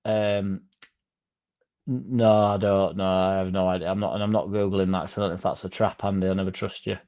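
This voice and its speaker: A man hosting a fan livestream, rambling through deadpan jokes and chatting to the chat. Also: low-pitched, brisk. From Leeds, England. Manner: rambling deadpan joking, dropped articles. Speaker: fan channel livestream host. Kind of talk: casual livestream chat reading the chat.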